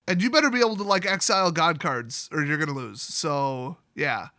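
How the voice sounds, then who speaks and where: A man with a high, bright voice rants through a comedic card-review vlog. He is sarcastic and quick with jokey asides. The sound is dry and close. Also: no room sound. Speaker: card game video host.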